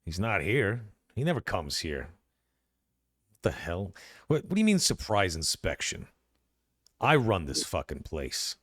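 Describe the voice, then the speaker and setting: A man voicing a very young, aggressive thug boss in a tabletop game, shouting and swearing. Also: sits low, very animated, measured pace, no room sound, studio quality, full character voice. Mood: angry.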